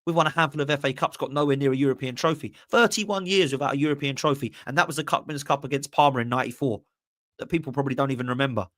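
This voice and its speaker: A man's voice: medium pitch, fairly even intonation, racing, fairly bright tone, no echo, clean studio sound. A man, hosting a live fan podcast and ranting passionately while reading out viewer messages. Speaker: podcast host. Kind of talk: live-stream fan rant, reading super chats.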